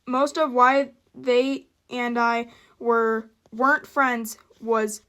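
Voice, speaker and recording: A woman's voice: a little high, flat delivery, drawn-out words, fairly bright tone. A teenage girl reading a prepared statement to camera, often stumbling and restarting her lines with flustered asides. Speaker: vlogger.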